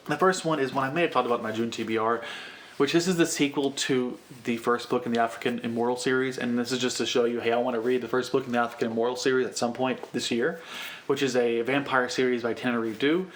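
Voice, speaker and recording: A man's voice: mid-range voice, a little hiss or hum. A man hosting a book tag vlog, talking in a gushing, effusive way about covers and reading plans. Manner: gushing, effusive, repeats himself when excited. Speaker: book vlogger.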